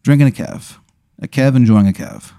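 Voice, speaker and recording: A man's voice: medium pitch, normal speed, warm tone, clear, resonant tone, no echo, studio quality. A man narrating an improvised role-play as game master, chatty and often laughing.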